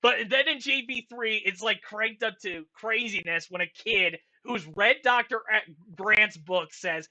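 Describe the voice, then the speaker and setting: Excitable high-voiced young man ranting. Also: a little slow, few pauses. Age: young adult. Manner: excitable, swears a lot, rambling with fillers. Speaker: channel host. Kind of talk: casual commentary ranking a franchise.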